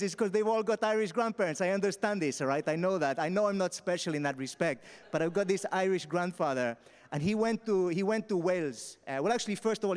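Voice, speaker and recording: Animated stand-up comic from Mallorca. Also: male voice, on the high side, smooth, in a large hall. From Mallorca, Spain. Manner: animated, punchy, frequent "all right?" asides. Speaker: stand-up comedian. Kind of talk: stand-up comedy set. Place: festival stage before a live audience.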